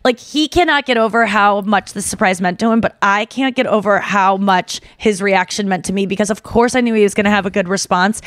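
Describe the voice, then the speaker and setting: A young adult woman hosting a podcast, telling a story casually and excitedly, with lots of "like" and acted-out quotes. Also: medium pitch, a little fast, hardly any pauses, no echo. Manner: animated, excitable, heavy use of "like"; acts out quoted voices. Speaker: podcast host.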